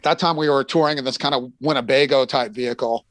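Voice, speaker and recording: A man's voice: mid-range voice, fast, fairly bright tone, dry recording. A middle-aged American man telling rambling tour stories in a casual chat, full of fillers and restarts, sometimes acting out the people he quotes.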